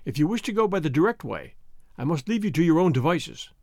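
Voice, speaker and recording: A man voicing a cautious castle jailer who speaks quietly and carefully, reading a storybook tale. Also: fairly high pitch, big pitch swings, no echo, clean studio sound. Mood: guarded. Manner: quiet and measured.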